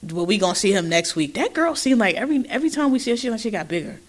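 A woman co-hosting a podcast, recapping a show in loud, laughing, profane gossip. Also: mid-range voice, sing-song, rapid-fire. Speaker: podcast co-host. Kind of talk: casual recap chat.

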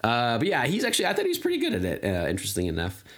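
A man's voice: medium pitch, huge pitch swings, rapid-fire. A man in his thirties, co-hosting a podcast, chatting casually and rambling with lots of fillers. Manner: rambling, many fillers and restarts. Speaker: podcast co-host. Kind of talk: casual chat.

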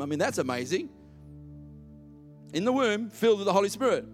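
A man's voice: high voice, sing-song, brisk, long pauses, faint music behind. A man preaching a sermon, emphatic and repeating words for stress.

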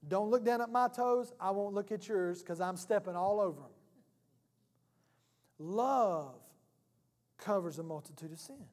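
High-voiced pastor preaching with humor. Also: male voice, a little slow, long pauses. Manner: animated, humorous, conversational preaching. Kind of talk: sermon. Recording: reverberant church hall.

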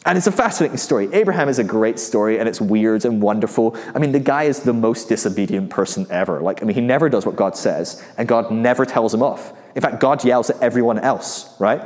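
A man's voice: medium pitch, darkish tone. A man preaching in a casual, conversational way, full of rhetorical questions and light chuckles. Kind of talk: casual sermon. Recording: long hall reverb.

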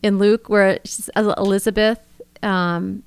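A middle-aged woman talks earnestly on a faith podcast, often circling back and restarting her sentences. Her voice is smooth and clear. The sound is close and dry. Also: medium pitch, little pitch movement, measured pace, no room sound. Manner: earnest, emotional, rambling with restarts. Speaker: podcast co-host. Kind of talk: casual faith conversation.

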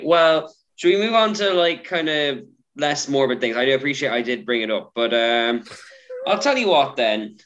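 A co-host steers a casual podcast chat, teasing the others and firing off questions. The voice moves lively up and down in pitch. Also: dull audio.

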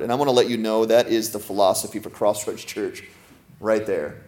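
A male pastor with a lowish voice preaches conversationally, putting questions to the congregation and joking, with laughter in between. When he reads scripture aloud, he slows down and softens.

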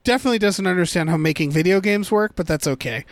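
Man, high voice, casual movie review chat, rambling, restarts, dry recording. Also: animated, fast, no echo. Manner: rambling, thinks aloud with restarts.

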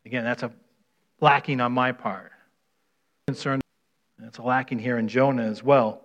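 A man's voice: medium pitch, steady tone, moderate pace, fairly bright tone. A middle-aged man preaching a conversational sermon, telling stories in a folksy way and often restarting or repeating words. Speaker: pastor. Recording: dull lo-fi sound.

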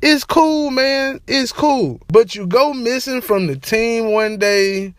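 High-pitched animated male vlogger, dry sound. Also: takes it slowly, dry recording. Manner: animated, slangy, repeats catchphrases. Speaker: sports and entertainment vlogger. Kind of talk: casual opinion rant to camera.

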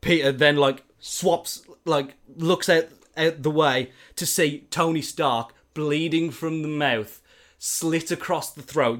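An animated man telling a long story in a relaxed, casual way. His voice sits a little high for a man, and he fills gaps with loose filler words. He swings between loud and quiet as the story builds. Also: a little slow.

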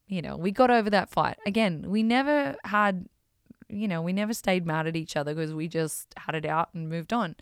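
A woman hosting a podcast, telling stories in an animated, self-mocking way and swearing freely. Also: fairly low pitch, smooth, no echo, studio quality. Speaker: podcast host. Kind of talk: casual storytelling.

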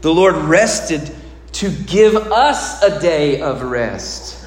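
A man preaching a sermon, swinging between loud emphasis and hushed, low passages. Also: animated, drawn-out words, echoey room, in a large hall. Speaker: pastor.

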